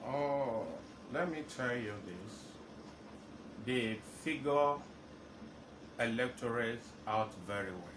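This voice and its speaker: A pastor on a radio talk show, a man who speaks slowly and with weight on each point. He sits some way back from the microphone, so his voice sounds distant and roomy. A steady hum runs beneath him. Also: medium pitch. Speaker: pastor and studio guest. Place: radio studio.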